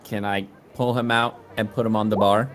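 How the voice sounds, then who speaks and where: A man's voice: lowish voice, flat delivery, normal speed, faint music behind. A man playing a tabletop game, talking in a playful, scheming way. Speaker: player. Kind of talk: tabletop role-play.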